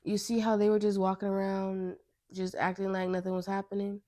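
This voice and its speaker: A woman's voice: medium pitch, completely flat delivery, brisk, dark tone, no room sound, studio quality. A young American woman hosting her own podcast, talking through her thoughts in a rambling, earnest way, often cutting herself off mid-sentence. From United States. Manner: rambling, self-interrupting, earnest. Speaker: podcast host. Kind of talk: casual podcast monologue.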